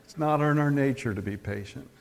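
A man's voice: medium pitch, vocal fry. A man preaching a sermon as pastor, telling anecdotes and often repeating words as he goes. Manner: tells stories, often repeats words, slows for emphasis.

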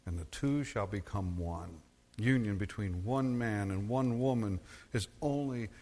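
Emphatic preaching man in a reverberant hall. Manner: emphatic preaching, swings from low and measured to high and forceful. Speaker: pastor. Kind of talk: sermon.

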